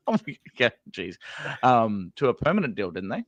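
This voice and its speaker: A man's voice: mid-range voice, big pitch swings, normal speed, dry recording. A man co-hosting a casual live-stream football chat, easygoing, chuckling often, trailing off and correcting himself mid-sentence. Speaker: fan channel co-host.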